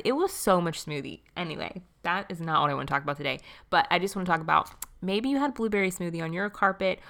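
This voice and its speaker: A young woman hosting a devotional podcast, talking casually and warmly, often laughing and calling the listener friend. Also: fairly low pitch, creaky. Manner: warm, chatty, laughs often, says friend. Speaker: podcast host.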